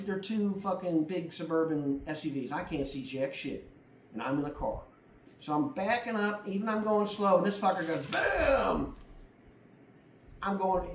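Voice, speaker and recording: A man's voice: sits high, slight background noise. A middle-aged man giving casual driving advice, blunt and full of swearing as he walks through a demonstration. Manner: blunt and profane, acts out other drivers. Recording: echoey room from a distance.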